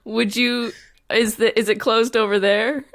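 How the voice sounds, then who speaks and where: A woman playing a tabletop game who talks in a playful, amused, drawn-out way. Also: fairly high pitch, level tone, heavy background noise. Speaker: player. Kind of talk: casual tabletop play.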